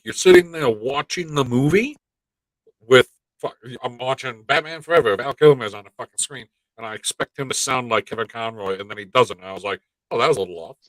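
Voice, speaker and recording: A man's voice: medium pitch, dry recording, poor audio. A man co-hosting a casual live-stream chat, rambling and swearing freely as he talks. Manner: profane, animated rambling. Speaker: podcast co-host.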